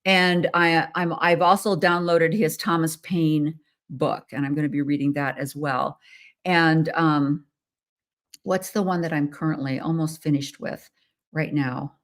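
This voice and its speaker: Chatty low-voiced American woman host. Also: steady tone, unhurried. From United States. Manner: chatty, rambling with fillers and restarts. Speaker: podcast host. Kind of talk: casual solo talk.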